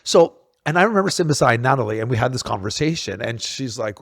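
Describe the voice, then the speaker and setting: A man's voice: medium pitch, expressive, fast, a bit bright, no room sound, clean studio sound. A man in casual chat, blunt and swearing, with many restarts and repeated words. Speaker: podcast co-host.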